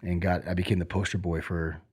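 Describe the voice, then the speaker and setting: A man's voice: low voice, little pitch movement, fairly quick, slightly rough. A middle-aged man, a former Army sergeant, telling stories in a casual interview, rambling with many fillers and restarts.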